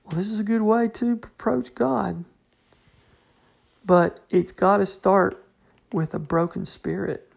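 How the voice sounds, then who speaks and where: A woman's voice: mid-range voice, fairly even intonation, takes it slowly, creaky, pauses often, darkish tone, husky. A woman giving an informal Bible study talk, conversational and full of restarts. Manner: conversational, fills with "you know", restarts often. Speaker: Bible teacher.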